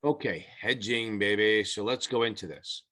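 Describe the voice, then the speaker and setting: A man's voice: lowish voice, normal speed, bright, forceful tone. A middle-aged man teaching exam prep in a casual, blunt and profane way, rambling through his explanations. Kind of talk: casual whiteboard lesson.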